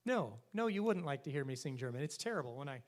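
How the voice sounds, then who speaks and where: A man's voice: a little high, fast talker. A man leading a swing band, telling jokes and chatting with a church concert crowd. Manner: joking, animated storyteller. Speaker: bandleader and singer. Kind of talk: live stage banter and joke telling. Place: church stage.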